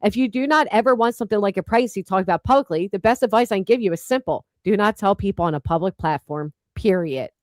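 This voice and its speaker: A woman hosting a casual commentary chat, blunt and profane, mocking people with quick impressions. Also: mid-range voice, darkish tone, no echo, clean studio sound. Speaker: host.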